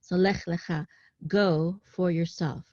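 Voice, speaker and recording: A woman with a somewhat low voice walks learners through a Hebrew passage in a casual online class. She pauses often, corrects herself, and checks in with "okay?". The recording is dull and dry, as if from a small, dead room. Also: steady tone, darkish tone, no room sound. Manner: halting, with frequent ums, self-corrections and "okay?" check-ins. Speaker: Hebrew teacher. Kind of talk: casual online class, explaining text on screen.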